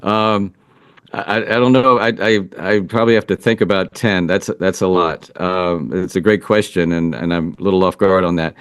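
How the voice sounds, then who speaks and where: A man's voice: low-pitched, fairly even intonation, moderate pace, clean tone, no room sound, clean studio sound. A man who is a relationship coach for men, answering interview questions in an earnest, reflective way as he thinks aloud. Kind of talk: interview answers, casual advice.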